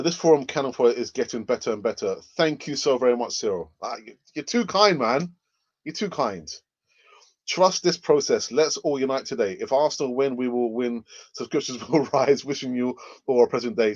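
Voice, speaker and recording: A man's voice: mid-range voice, dry recording, lo-fi sound. Rambling man hosting a live chat stream. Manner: rambling and hesitant, full of fillers and restarts, chuckling often. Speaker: fan channel host. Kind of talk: live stream chat, reading viewer comments.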